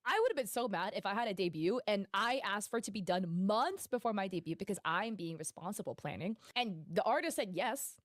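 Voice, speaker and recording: A woman streamer talks at a brisk clip, reading posts and messages aloud to her viewers. Between quotes she adds emphatic, indignant commentary. Her voice sits close and dry on the mic with no room sound. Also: mid-range voice, no room sound.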